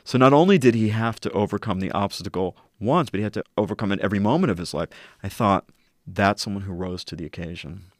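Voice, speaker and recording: A middle-aged man telling a personal story in an earnest, reflective way, slowing down at key moments. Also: lowish voice, dry recording, clean studio sound. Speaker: interview guest.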